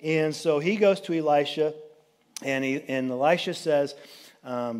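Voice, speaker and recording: A man's voice: a little high, measured pace, a little mellow. A man giving a sermon as a pastor, retelling a Bible story in a loose, chatty way with jokey asides. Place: church sanctuary.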